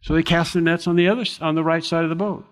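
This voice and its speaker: A man's voice: fairly high pitch, fairly even intonation, racing, in a large hall. A man preaching an expository sermon in a conversational, reflective way, often restarting and adding asides.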